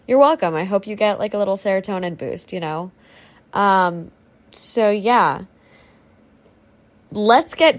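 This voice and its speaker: A young woman hosting her own podcast, rambling and ranting casually with lots of fillers and swearing, on a faulty home microphone. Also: medium pitch. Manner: chatty, swears freely, rambling with many fillers. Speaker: podcast host. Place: at home with a squeaky chair.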